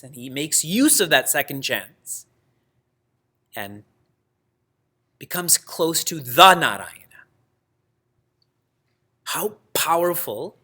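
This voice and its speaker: A man teaching a scripture class, telling stories in a lively way, laughing often and using Sanskrit terms. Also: a little high. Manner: lively storytelling with frequent laughs. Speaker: spiritual teacher.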